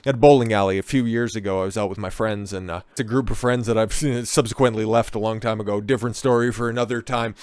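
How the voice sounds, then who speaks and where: Guy ranting and telling crude stories, swears a lot, keeps saying okay, smooth voice, dead dry sound. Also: fairly low pitch, steady tone, quick pace, few pauses, darkish tone, no echo. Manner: crude, profane, rambling, keeps tagging "okay?". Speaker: online commentator. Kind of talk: ranting commentary and storytelling.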